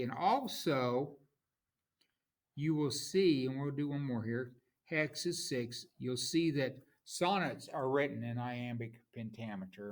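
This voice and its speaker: Slow-talking male teacher explaining poetry. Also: medium pitch. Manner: slow, informal, self-correcting explanation. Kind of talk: recorded lecture.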